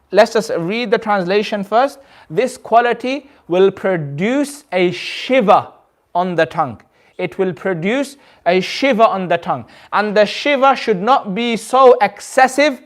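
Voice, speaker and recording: British guy teaching recitation, kinda high voice, patient, says every sound over and over, keeps asking "okay?". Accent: British English. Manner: patient, repeats and demonstrates sounds, checks understanding often. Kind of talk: classroom tajweed lesson.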